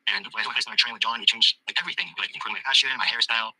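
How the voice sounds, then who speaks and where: A young man giving a coaching testimonial, rambling quickly with lots of fillers and restarts, speaking in a fairly monotone way. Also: mid-range voice, poor audio. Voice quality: husky, monotone. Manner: fast, filler-heavy rambling with many restarts.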